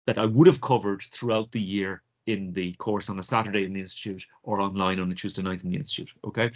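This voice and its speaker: A middle-aged man with an Irish accent, teaching an exam prep lesson and repeating phrases slowly for pronunciation. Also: on the low side. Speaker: French teacher.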